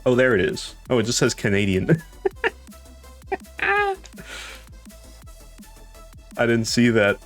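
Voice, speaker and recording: A man's voice: mid-range voice, wildly swooping pitch, slow pace, pauses often, a bit bright, faint music behind. A young man chatting casually on a live stream, rambling, laughing often and swearing now and then.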